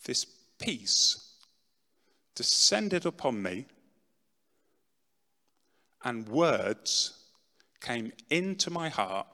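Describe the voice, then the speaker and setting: Animated man telling his story in an echoing hall. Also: medium pitch, drawn-out words, pauses often. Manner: dramatic, swings from loud to hushed. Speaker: speaker telling his testimony. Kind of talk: personal testimony talk. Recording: long reverb in a large hall.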